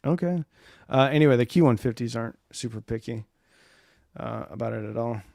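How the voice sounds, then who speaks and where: A man's voice: medium pitch, fairly quick, creaky, a little mellow, no echo, clean studio sound. Man rambling on a live chat. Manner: rambling, reads viewer comments aloud. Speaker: live stream host.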